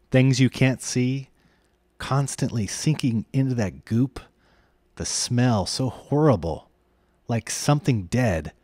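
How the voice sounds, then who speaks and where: A man's voice: mid-range voice, mellow, no echo, studio quality, natural voice. A man reading aloud, voicing an anxious, frightened young boy who pleads and frets. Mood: fearful. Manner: trembling, pleading, fretful.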